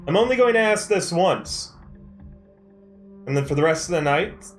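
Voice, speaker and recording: A man's voice: a little high, lively intonation, normal speed, faint music behind, pitched above the performer's own voice, close to an everyday voice. A man voicing a cruel, menacing woman who leads a cult, cold and taunting. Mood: threatening.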